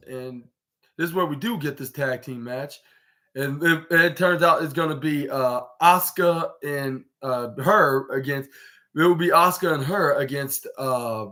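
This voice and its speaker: A podcast host with a bright, slightly high male voice recaps a wrestling show in a rambling way. He fills every pause with "like," keeps restarting his sentences, and acts out quotes from the wrestlers along the way.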